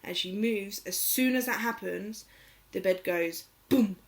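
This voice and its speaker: A woman's voice: mid-range voice, a little slow. Woman telling a spooky story, rambling. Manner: rambling, filler-heavy, emotional retelling. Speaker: vlogger. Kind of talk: casual storytelling.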